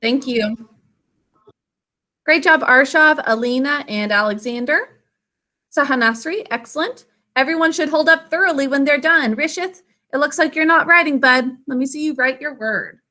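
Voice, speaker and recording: High, bright-voiced woman teacher. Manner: slow, deliberate enunciation with praise. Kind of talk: online spelling lesson for children. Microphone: video call.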